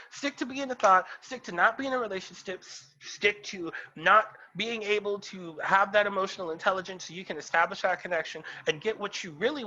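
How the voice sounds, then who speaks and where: A man's voice: high-pitched, bright, forceful tone, highs cut off. A man co-hosting a casual podcast chat, ranting in a sassy, emphatic way. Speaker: podcast co-host.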